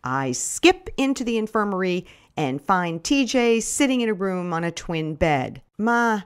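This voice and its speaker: A woman's voice: fairly low pitch, a little slow, clear, resonant tone. Wry middle-aged woman narrating. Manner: wry, deadpan storytelling. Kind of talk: first-person memoir reading.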